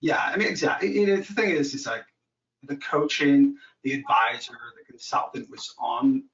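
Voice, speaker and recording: A man's voice: medium pitch, animated, normal speed, a bit bright. A man calling in to a coaching call, chatty and self-deprecating as he tells his story. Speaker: caller, new coaching client. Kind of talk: casual conversation. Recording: echoey, dull sound from a distant mic.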